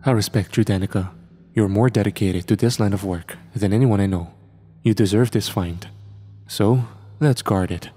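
A man's voice: lowish voice, normal speed, mellow, slightly rough. A man voicing a level-headed male archaeologist friend who speaks easily and reassuringly. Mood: easygoing. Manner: easygoing, reassuring.

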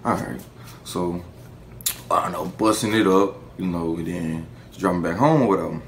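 A young man telling a casual story to the camera, animated and profane, breaking into laughter. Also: deep voice, moderate pace, a little hiss or hum. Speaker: vlogger. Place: indoor room, seated before camera.

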